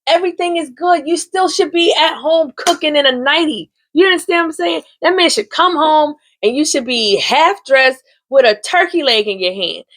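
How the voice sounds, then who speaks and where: A woman vlogger recapping a soap opera in a sassy, slangy, animated way, talking straight to the viewer. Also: sits high, moderate pace, hardly any pauses, a little hiss or hum. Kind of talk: casual chatty recap.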